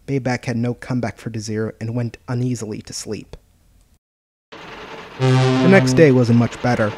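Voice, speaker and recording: A man's voice: mid-range voice, level tone, normal speed, long pauses, darkish tone, faint music behind. A man narrating a homemade storybook in a plain reading voice, with occasional stumbles.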